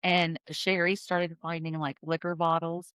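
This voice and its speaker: A woman's voice: fairly low pitch, little pitch movement, unhurried, a bit bright, clear, resonant tone, dry recording. A woman podcast host casually telling a true-crime story, chatty and full of fillers and restarts. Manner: chatty, filler-heavy, self-correcting storyteller. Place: in-person podcast studio.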